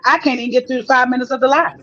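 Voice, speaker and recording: Fast, chatty woman host of a live stream, muffled sound. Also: sits high, steady tone, pushed and bright, a little hiss or hum. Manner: quick, agreeing, chatty. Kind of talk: casual live-stream chat.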